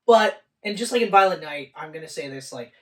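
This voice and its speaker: A woman's voice: lowish voice, expressive, fairly quick. A woman co-hosting a casual movie review chat, profane and rambling, laughing often. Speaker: podcast co-host. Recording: roomy, distant mic.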